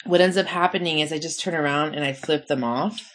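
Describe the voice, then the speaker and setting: A young woman in casual chat, telling animated stories with lots of "like" fillers. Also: sits low, fairly quick. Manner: animated storyteller, frequent "like" fillers.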